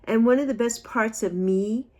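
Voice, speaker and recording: A woman's voice: fairly high pitch, normal speed, darkish tone. A woman in her sixties talking casually and emotionally to her viewers, rambling and laughing at herself. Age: 60s. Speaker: vlogger. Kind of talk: unscripted talk to camera.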